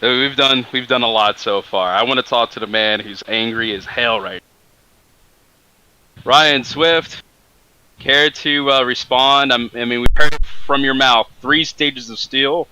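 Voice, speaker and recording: Bright, smooth-voiced male interviewer. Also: mid-range voice, unhurried, poor audio. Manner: easygoing, with hesitant fillers. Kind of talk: casual show hosting.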